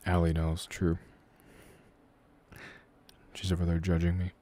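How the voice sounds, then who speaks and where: A man in his twenties from Canada, an audio creator answering viewer questions in a relaxed, rambling live chat from a room at home. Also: low-pitched, unhurried. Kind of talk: casual live-stream chat.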